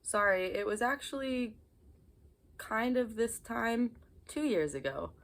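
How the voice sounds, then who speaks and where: A woman's voice: fairly high pitch, lively intonation, takes it slowly, fairly bright tone. A young woman talking casually to her camera at home, chatty and apologetic, with frequent ums and hesitations. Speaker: vlogger talking about inner child healing.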